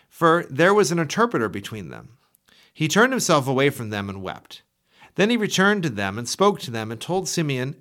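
Man reading scripture with a lively pitch. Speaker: scripture reader. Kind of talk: Bible reading podcast.

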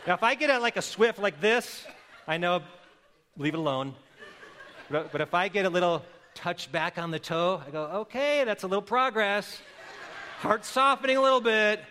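Middle-aged pastor guy giving a sermon, bright ringing voice, chatty storytelling, lots of reverb from a big church hall. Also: high-pitched, animated, normal speed, a little hiss or hum. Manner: conversational, playful storytelling, asks the congregation questions. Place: church service.

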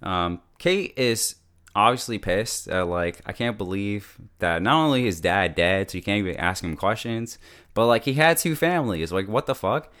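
A man's voice: on the low side, sing-song, normal speed, fairly bright tone. A man giving a casual, chatty recap of a TV episode, full of fillers and laughter. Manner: chatty, lots of "like", laughs often. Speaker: show reviewer.

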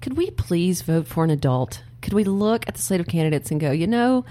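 A woman's voice: on the low side, lively intonation, fairly quick, dark tone. A woman co-hosting a political podcast in a studio, speaking earnestly and laughing between points. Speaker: podcast co-host.

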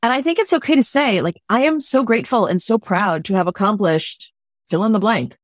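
A woman wedding planner speaks with emphatic, animated conviction, slipping into little acted-out quotes. Her voice sits at a middle pitch. The recording is dry and close, with no room around it. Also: brisk, no echo. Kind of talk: casual podcast chat. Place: lives in Los Angeles.

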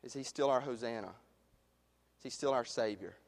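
A man preaching a sermon as pastor, passionate, rising to loud emphasis and dropping to hushed questions. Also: mid-range voice, normal speed. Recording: long reverb of a large hall.

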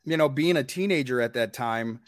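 Relaxed man rambling on a dry mic. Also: mid-range voice, a little fast, no echo. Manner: relaxed, rambling, many "you know"s. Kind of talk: casual chat.

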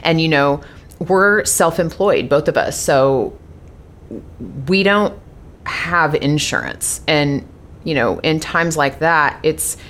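A woman's voice: low voice, animated, takes it slowly, fairly bright tone, slight background noise. A woman talks straight to her audience in a loose, rambling monologue. She is in her thirties and candid, with plenty of fillers and blunt swearing. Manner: chatty, swearing, many fillers. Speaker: vlogger sharing personal news. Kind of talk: casual monologue to followers.

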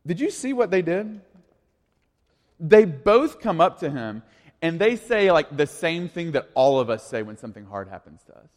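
A man's voice: a little high, normal speed. Casual man preaching in a reverberant hall. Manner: casual, conversational, swings from quiet asides to animated storytelling. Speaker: pastor. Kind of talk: sermon. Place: church sanctuary. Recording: long reverb of a large hall.

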